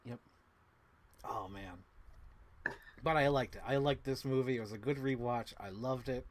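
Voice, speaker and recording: A man in casual conversation about a film he loves, effusive and quick to curse. His voice sits at an ordinary middle pitch, and he slips into the lines he quotes. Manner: effusive, swears freely, acts out movie quotes. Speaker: podcast co-host. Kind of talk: casual movie review chat.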